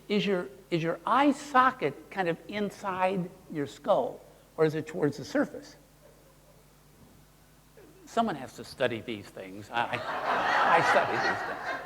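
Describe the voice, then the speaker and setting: Animated high-pitched man teaching a seminar. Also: vocal fry, long reverb tail. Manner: animated, playful, asks the audience questions. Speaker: workshop presenter. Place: seminar room with an audience.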